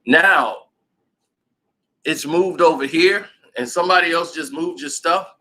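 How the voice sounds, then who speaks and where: Male sports vlogger, animated storyteller, bright edgy voice. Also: fairly high pitch, unhurried, low-quality recording. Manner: animated storytelling, laughs often. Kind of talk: casual sports commentary.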